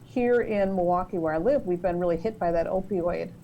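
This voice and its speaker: A woman, a guest author on a podcast, answering questions in a warm, conversational way, often using "you know.". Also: lowish voice, fairly quick, muffled recording, a little hiss or hum. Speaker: guest author and tarot reader.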